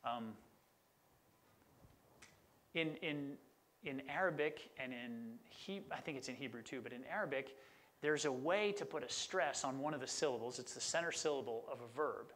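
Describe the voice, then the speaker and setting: A man's voice: mid-range voice, moderate pace, a bit bright. A middle-aged man preaching a sermon as a pastor, conversational and enthusiastic about word meanings.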